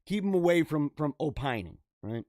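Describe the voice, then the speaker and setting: This podcast host speaks at a normal speed in a fairly high, sing-song voice with a darkish tone, recorded cleanly in a studio with no room sound. Laughing often, he reads out strange news items in a relaxed way, riffs on them, and talks straight to his audience.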